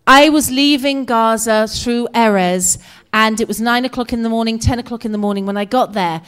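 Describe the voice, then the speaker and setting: Animated British woman telling a story. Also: fairly high pitch, moderate pace, smooth. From Britain. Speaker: guest speaker. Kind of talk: personal storytelling talk. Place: community center hall.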